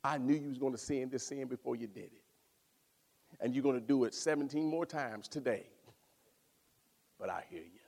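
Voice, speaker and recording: A man preaching a sermon, swinging from loud exclaiming to hushed near-whispers. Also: mid-range voice, fairly even intonation, fairly quick, vocal fry.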